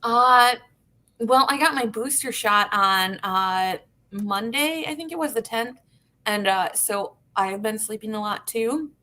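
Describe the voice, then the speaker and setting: A woman co-hosting a podcast over a video call, rambling with many fillers and quick bursts of speech. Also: fairly high pitch, sharp tone. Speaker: podcast co-host. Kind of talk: casual chat.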